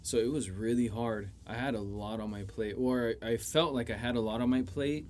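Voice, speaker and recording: A man's voice: medium pitch, fairly even intonation, normal speed, darkish tone, slight background noise. A young man, a chef, talking casually on a podcast, swearing freely and leaning on "you know". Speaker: chef guest.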